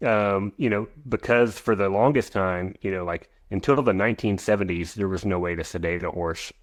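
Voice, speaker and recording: Deep-voiced man in his forties, rambling. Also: moderate pace, no room sound. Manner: rambling, frequent restarts and asides. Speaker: guest, equine veterinarian. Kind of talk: podcast interview.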